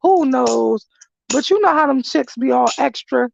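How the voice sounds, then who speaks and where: Woman host, high voice, profane animated chat, dull lo-fi dry sound. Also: unhurried, gravelly, no echo. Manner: animated, blunt and profane, laughs often. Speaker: live stream host. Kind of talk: casual profane storytelling.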